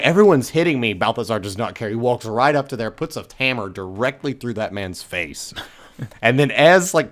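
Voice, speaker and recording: A man's voice: mid-range voice, fairly bright tone. A man co-hosting a podcast, energetically telling how his character fought through a fight in a video game, often laughing. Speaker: podcast co-host. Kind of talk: casual chat about a video game.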